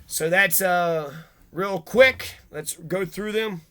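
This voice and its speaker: Male commentator, high and bright, angry profane monologue host. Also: takes it slowly, smooth. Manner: profane, heated, swings between reading and ranting.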